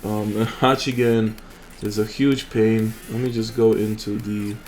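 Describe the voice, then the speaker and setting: A man's voice: lowish voice, level tone, a little slow, a little mellow, slight background noise. A young man hosting a mobile game channel, chatting casually and rambling with fillers and restarts over his gameplay.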